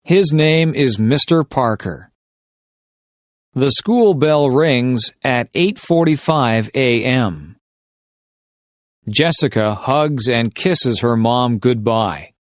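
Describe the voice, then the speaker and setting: A man reading simple short stories slowly and deliberately for English shadowing practice. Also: mid-range voice, animated, no room sound, studio quality. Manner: deliberate, carefully paced reading of short sentences. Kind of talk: slow scripted story reading for shadowing practice.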